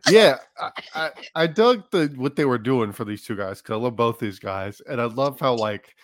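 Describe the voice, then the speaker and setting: A man's voice: medium pitch, lively intonation, normal speed, no echo, clean studio sound. A man guesting on a podcast, giving rambling casual opinions full of likes and small laughs.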